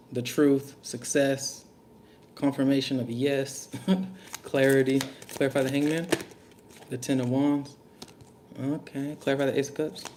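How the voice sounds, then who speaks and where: A man's voice: mid-range voice, a little mellow, a little hiss or hum. A man giving a casual spoken reading to camera, loose and slangy, musing aloud with fillers. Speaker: tarot reader.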